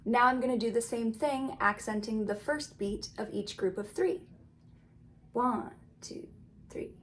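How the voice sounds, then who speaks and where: A woman's voice: on the high side, moderate pace. A woman teaching ukulele in a casual, friendly tutorial, explaining rhythm and counting beats aloud. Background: ukulele strumming.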